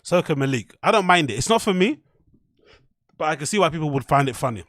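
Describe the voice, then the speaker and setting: A British man running a livestream, reacting on the fly in a blunt, rambling way with plenty of swearing. His voice sits a bit high for a man. The sound is dry and close, with no room around it. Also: expressive, fast, a bit bright, no echo. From United Kingdom. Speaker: livestream host.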